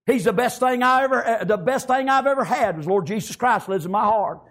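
A man preaching in a fervent drawl, his voice sitting unusually high. He strings his sentences together with constant amens and praise Gods. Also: a little fast, fairly bright tone. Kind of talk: sermon.

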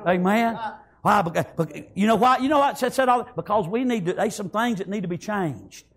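A man preaching a sermon, fervently repeating praise and amen and rising to shouts. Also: sits high, animated, normal speed.

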